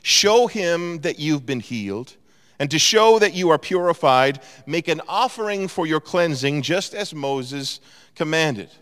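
A man voicing a gentle, compassionate male healer, reading his words earnestly in a sermon. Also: fairly high pitch, lively intonation, a little slow, clear, resonant tone. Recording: long hall reverb.

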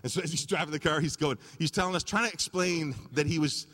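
A male pastor preaching a sermon and telling a story with lively energy. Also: fairly high pitch, fast. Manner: animated storytelling. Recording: long reverb of a large hall.

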